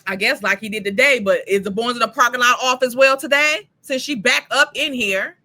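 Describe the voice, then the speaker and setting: A woman reviewing a TV show, recapping it in a blunt, profane, animated way. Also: fairly high pitch, a little fast. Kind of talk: casual TV recap commentary.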